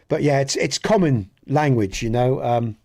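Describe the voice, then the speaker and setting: A gaming streamer with a Dorset English accent chats casually with live viewers while playing, rambling earnestly and often restarting his sentences. His voice is mid-range with a darkish tone.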